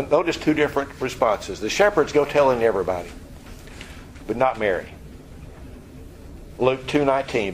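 A man preaching an expository Bible lesson, explaining word meanings and acting out scenes with lively energy. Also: medium pitch, slight background noise, rough recording. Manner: animated, acts out scenes. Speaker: pastor.

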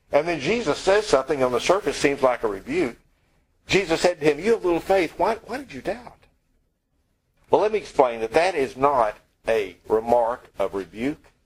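A man's voice: medium pitch, breathy edge, poor audio. A man preaching a sermon in a conversational, wry way, acting out the lines he quotes.

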